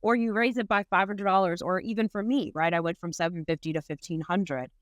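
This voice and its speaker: A woman from New York talking as a podcast guest, lively and laughing often, dropping "like" and "right?" all through. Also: on the low side, fairly quick, no echo, studio quality. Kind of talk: casual interview talk.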